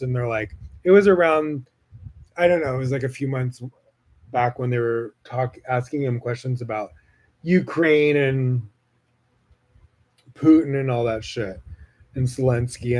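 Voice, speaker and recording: A man's voice: medium pitch, a little mellow. A man hosting a solo podcast, talking in a casual, rambling way with lots of fillers and swearing. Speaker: podcast host.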